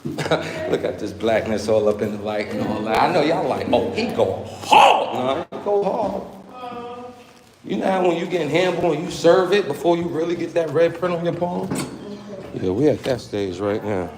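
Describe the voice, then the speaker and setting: A man's voice: a little high, lively intonation, moderate pace, a crowd in the background. A man talking in streetwise slang while vlogging from his workplace on a handheld phone, jumping between topics. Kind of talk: casual vlog commentary. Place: his workplace, walking around.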